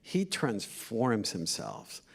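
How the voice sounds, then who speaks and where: A man's voice: on the low side, huge pitch swings, very slow, gravelly, husky. Hesitant male Q&A moderator. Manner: hesitant, asks with fillers. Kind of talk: interview questions.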